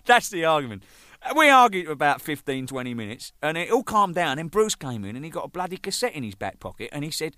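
An English drummer tells stories in a bright, forceful voice that leaps up and down in pitch. He is casual and animated, swears freely and pokes fun at himself, and the sound is close and dry. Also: quick pace, no room sound. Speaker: band drummer telling stories. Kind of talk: casual anecdotal storytelling.

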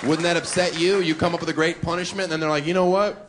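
A man's voice: fairly high pitch, fairly even intonation, fast. A man performing provocative live stand-up comedy on a club stage, with mock-defensive asides. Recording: live club with loud crowd noise.

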